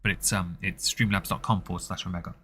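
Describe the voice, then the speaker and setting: Bright-voiced man making sardonic stream commentary. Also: sits low, fairly even intonation, fast, a little hiss or hum. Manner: sardonic, wry asides. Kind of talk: live commentary on video clips.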